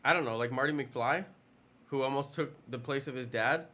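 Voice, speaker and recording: Male game streamer, mid-pitched, bright, rambling casual banter with viewers. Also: moderate pace. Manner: rambling, playful, chatting with viewers. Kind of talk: casual live stream chat.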